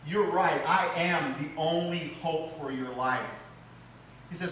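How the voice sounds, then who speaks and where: A man, a pastor, preaching a sermon in a church, swinging between loud, rising lines and low, quiet emphasis. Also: slow pace, a little hiss or hum. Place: church sanctuary. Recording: echoey church hall, mic at a distance.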